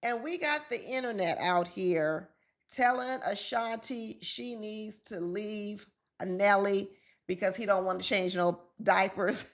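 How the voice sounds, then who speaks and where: A woman's voice: medium pitch, very noisy. Woman relationship commentator, casual vlog delivery, conversational and laughing, addressing the audience directly. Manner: chatty, laughs often, talks straight to viewers.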